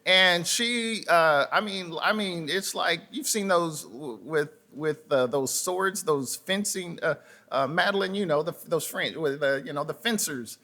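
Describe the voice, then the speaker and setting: Male pastor, unhurried sermon delivery, bright voice, halting, folksy storytelling. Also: fairly high pitch. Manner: folksy storytelling with asides to the congregation; halting, repeats words and restarts. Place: church sanctuary.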